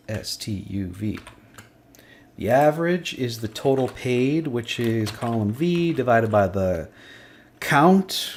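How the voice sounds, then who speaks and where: A man's voice: mid-range voice, a little hiss or hum. A man teaching a screen-recorded spreadsheet lesson, thinking aloud and muttering to himself as he works. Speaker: instructor. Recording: faint clicking and typing behind.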